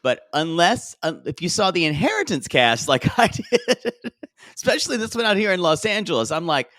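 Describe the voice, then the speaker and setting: A man's voice: high-pitched, very animated, normal speed, fairly bright tone, no echo, studio quality. A man co-hosting a podcast in casual, giggly chat, often trailing off with fillers. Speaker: podcast co-host. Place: studio in Los Angeles.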